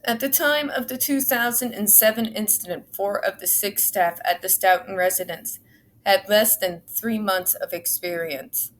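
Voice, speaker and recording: A woman's voice: medium pitch, moderate pace. A woman vlogger reading from a court report, breaking off for blunt, sarcastic, exasperated asides and frequent swearing. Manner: sarcastic asides between read passages. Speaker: advocacy vlogger.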